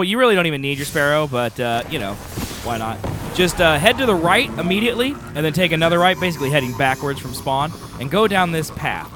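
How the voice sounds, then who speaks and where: A man's voice: fairly high pitch, noisy background. A man giving a casual gameplay walkthrough, with wry, sarcastic asides. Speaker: game guide host.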